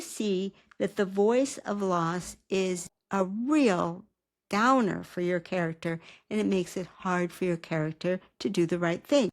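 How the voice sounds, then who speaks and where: A woman who teaches writing, giving a calm, measured recorded lecture and asking rhetorical questions. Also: fairly low pitch. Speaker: writing instructor.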